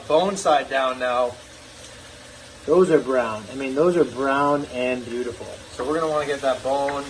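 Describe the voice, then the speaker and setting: A man's voice: on the high side, a little hiss or hum, rough recording. Chatty man cooking at home. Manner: chatty, jokey, upbeat. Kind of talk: casual cooking demo. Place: home kitchen.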